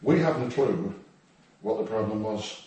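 A man's voice: on the low side, lively intonation, moderate pace, darkish tone. Man, preaching, humorous sermon, very echoey church hall, distant mic, faint noise. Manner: humorous, conversational, with asides and acted quotes.

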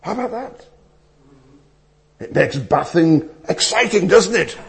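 A man preaching a sermon, telling stories with animated swings between loud emphasis and hushed asides. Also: high voice, measured pace, creaky. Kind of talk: sermon with anecdotes.

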